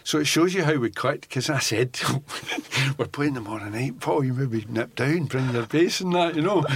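An older Scottish man, a former undercover police officer, telling animated stories in an interview and laughing often as he acts out what people said. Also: mid-range voice, moderate pace, hardly any pauses, a little hiss or hum. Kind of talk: anecdotal storytelling in an interview.

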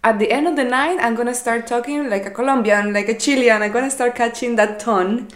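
A woman's voice: a little high, fairly quick. A woman from Latin America whose first language is Spanish, explaining her ideas in a casual podcast chat and sometimes laughing at herself. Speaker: podcast co-host. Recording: roomy echo.

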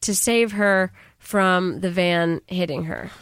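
A woman chats through a film recap, leaning on fillers as she goes. Her voice is smooth and clear, and the recording is close and dry with no room sound. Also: on the low side, slow, fairly bright tone, no echo. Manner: chatty, lots of fillers and quoted voices. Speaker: podcast co-host. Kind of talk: casual chat recapping a film.

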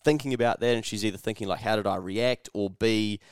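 Recorded dry and up close, this New Zealander's voice is smooth and resonant, at an ordinary pitch with fairly even intonation and a brisk delivery. Co-hosting a casual podcast, he curses freely and drops into impressions of other people mid-story.

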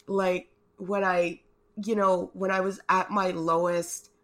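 Lady podcast host, kinda low voice, slow and heartfelt, choked up and rambly. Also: flat delivery, a bit bright. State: emotional, close to tears. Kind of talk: casual chat.

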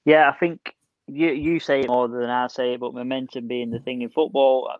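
A podcast co-host with a mid-range voice eagerly tells stories during a casual chat about football, frequently restarting his sentences. He comes across as an excitable storyteller, and the recording sounds dull and dry.

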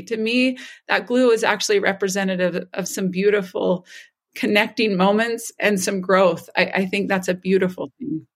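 A woman's voice: medium pitch, steady tone, a little slow. Reflective woman therapist on a podcast. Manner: reflective, thoughtful explaining with affirming murmurs. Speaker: therapist guest. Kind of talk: casual podcast conversation.

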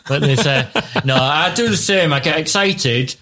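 A man's voice: a little high, a little slow, bright, forceful tone, slight background noise. An English man co-hosting a podcast, telling rambling anecdotes in casual chat and laughing along. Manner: rambling storyteller, laughs at his own tales. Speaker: podcast co-host.

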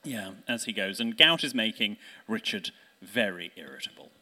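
A man hosting a live podcast chat, animated and teasing, laughing often. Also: on the low side, moderate pace. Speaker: podcast host.

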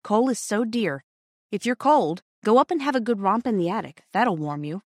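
A loving storybook mother who is cheerful and always busy, as a woman reads her aloud. She speaks in a brisk, affectionate way, lifted higher and louder than plain narration. The sound is close and dry. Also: lively intonation, no echo, close to an everyday voice.

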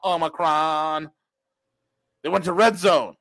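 Sarcastic guy ranting over news on his podcast, pretty high voice. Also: fairly even intonation, slow, fairly bright tone. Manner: sarcastic, mocking. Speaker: podcast co-host. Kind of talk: casual ranting commentary.

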